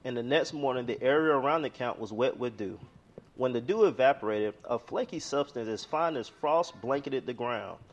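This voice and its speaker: A man's voice: medium pitch, normal speed, highs cut off. A man preaching a sermon in a conversational way, telling a story and reading scripture aloud.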